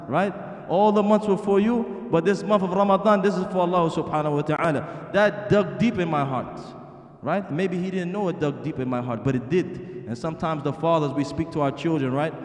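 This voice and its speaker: In an echoey masjid hall, a middle-aged man with a slightly high, darkish voice preaches earnestly, putting rhetorical questions to his audience.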